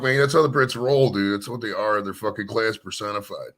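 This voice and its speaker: A man's voice: fairly low pitch, fairly quick, fairly bright tone. An American man chatting casually on a stream, rambling and swearing freely as he tells stories. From United States. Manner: profane, rambling, emphatic. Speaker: painting stream host. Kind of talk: casual chat.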